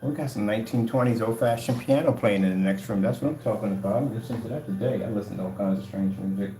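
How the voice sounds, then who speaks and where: A man on the low side, with a dark tone and a quick pace, casually demonstrates the projector screen paint he sells. His rambling pitch is emphatic, delivered at home in a room holding a projector and a gray wall, and the recording carries a roomy echo.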